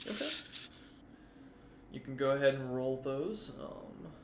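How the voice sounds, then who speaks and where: A man's voice: mid-range voice, animated, takes it slowly, reverberant, slight background noise. A man narrating a tabletop game as game master, rambling with fillers and restarts.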